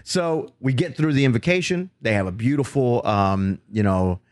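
A man co-hosting a casual comedy podcast, telling relaxed stories with lots of fillers. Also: mid-range voice, normal speed, no room sound, clean studio sound. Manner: relaxed storyteller with fillers, laughs easily. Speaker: podcast co-host.

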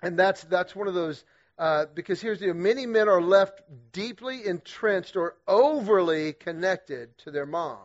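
A middle-aged man speaking to a men's group at church, energetic and humorous, with a conversational style full of quick restarts. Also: high-pitched. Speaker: guest speaker leading a men's group series. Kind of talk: storytelling church talk to men. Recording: dull lo-fi sound.

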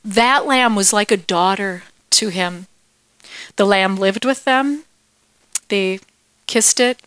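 A woman's voice: medium pitch, slow, a bit bright, smooth, no room sound. A woman voicing an adult male prophet who earnestly tells a parable in a children's Bible story. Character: solemn prophet telling a parable, adult man.

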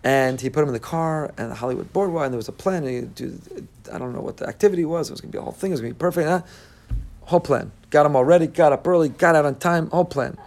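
A man preaching a sermon, animated, breaking into loud, high bursts when he acts out what people say. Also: quick pace, creaky. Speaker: rabbi.

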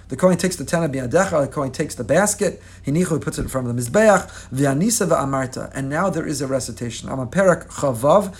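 Animated man giving a Torah class. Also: a little high, husky. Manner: animated, expressive, with humorous asides to listeners; chants Hebrew verses, then translates them. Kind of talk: lively Torah lecture.

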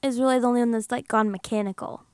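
A lively woman co-hosting a relaxed podcast chat, laughing easily between her remarks. Her voice sits a little high for a woman. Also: racing, no room sound. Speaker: podcast co-host. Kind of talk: casual chat.

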